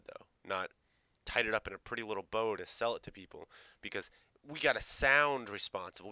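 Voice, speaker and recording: Sarcastic man with a bright crisp voice. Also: fairly low pitch, no room sound. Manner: sarcastic, swearing, mocking quotes. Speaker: reaction video host. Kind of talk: casual reaction commentary.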